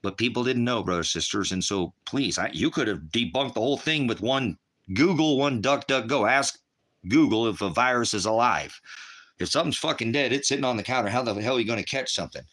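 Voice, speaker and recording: Middle-aged guy ranting, swears a lot, bright sharp voice, goes off on tangents. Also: medium pitch, lively intonation, fairly quick. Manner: rambling, combative, swearing. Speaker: online ministry host. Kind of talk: profane ranting monologue.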